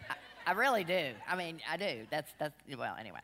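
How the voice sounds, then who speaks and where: A middle-aged woman with a low, bright, forceful voice tells rambling stories to a group. Her talk is chatty and self-mocking, and it rings with a long hall reverb. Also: a little fast, slight background noise. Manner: rambling, chatty, self-deprecating, animated anecdotes. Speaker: women's class speaker.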